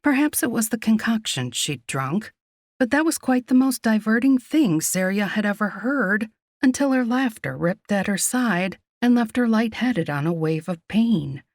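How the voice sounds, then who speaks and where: Woman reading a fantasy romance, middle pitch, super dry close sound. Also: animated, a little slow, darkish tone, no echo. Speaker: audiobook narrator. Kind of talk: scripted romance narration.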